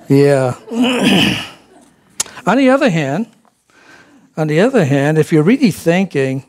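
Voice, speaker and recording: A man's voice: on the high side, a little mellow. A man giving a casual sermon at a spiritual center, folksy and chuckling, with many fillers and restarts. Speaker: spiritual practitioner giving a talk.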